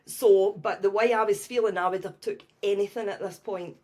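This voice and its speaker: A middle-aged Scottish woman, a podcast guest, telling a personal story in a lively way and often adding "right?". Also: mid-range voice, normal speed.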